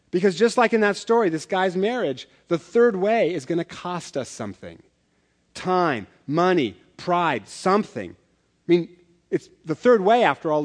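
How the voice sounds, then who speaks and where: Male pastor, conversational sermon, fairly high voice, long hall reverb. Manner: conversational, self-deprecating humor. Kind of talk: sermon with storytelling.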